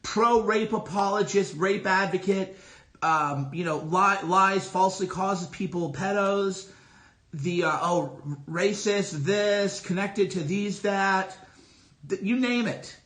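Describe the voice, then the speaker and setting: A man's voice: sits high, slow, fairly bright tone. Boastful, emphatic man livestreaming. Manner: boastful, emphatic, repetitive declarations. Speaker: livestream host. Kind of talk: casual solo livestream monologue. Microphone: streaming from a phone.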